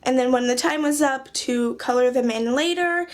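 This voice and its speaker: A woman's voice: high-pitched, moderate pace. A young woman casually chatting through her journal pages in a vlog, joking at herself with dry sarcasm. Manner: chatty, self-mocking, sarcastic jokes. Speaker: craft journaling vlogger. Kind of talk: casual chat.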